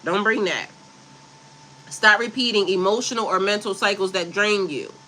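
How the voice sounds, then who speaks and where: A woman with a piercingly bright, sharp voice, speaking as a spiritual coach on a casual livestream. She moves between reciting affirmations and blunt, cursing asides to her viewers. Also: mid-range voice, normal speed, a little hiss or hum, rough recording. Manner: blunt and profane, switching between reading affirmations and loose asides.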